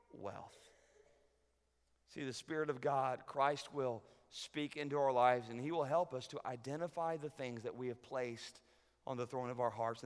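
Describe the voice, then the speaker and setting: A male pastor preaching a sermon, swinging from loud urgent peaks to hushed lows. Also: clean tone. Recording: long reverb of a large hall.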